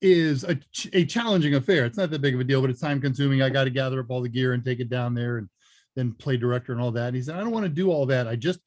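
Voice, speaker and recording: The host and senior instructor of a live tech Q&A talks quickly in a medium-pitched, slightly mellow voice with fairly even intonation. He keeps it casual and rambling, chuckling as he goes. The sound is dry and clean, like a studio.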